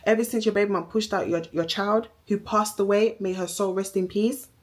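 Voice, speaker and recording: A woman's voice: medium pitch, steady tone, fairly quick. A young woman with a Jamaican accent delivering a heated, accusing, repetitive social media rant, swearing as she goes. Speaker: vlogger.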